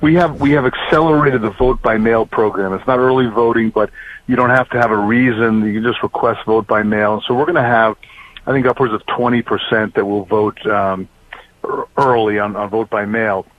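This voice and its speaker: A man's voice: on the low side, steady tone, moderate pace, no room sound. A middle-aged man from New Jersey, a political candidate calling in by phone, talking with upbeat campaign energy. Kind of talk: phone-in interview. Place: campaign event venue. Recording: tinny phone line.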